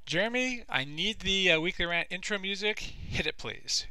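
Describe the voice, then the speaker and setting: A man's voice: high voice, lively intonation, moderate pace, sharp tone, smooth, dry recording. A man hosting a podcast and delivering a profane, exasperated comedic rant. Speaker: podcast host.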